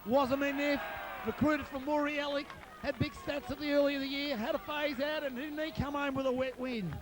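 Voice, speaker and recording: A hoarse Australian man commentating excitedly outdoors at a football ground, calling out players' nicknames for a home video. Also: extremely high pitch, brisk. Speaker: club supporter narrating home video.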